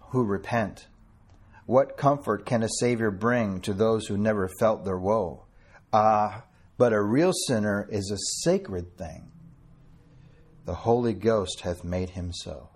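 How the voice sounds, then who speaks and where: A man delivers a sermon to a small congregation in a husky, somewhat low voice. He is earnest and fervent, slowing down to stress scripture quotations, with a chuckle now and then between lines. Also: darkish tone. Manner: quotes King James scripture with a chuckle between. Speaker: preacher.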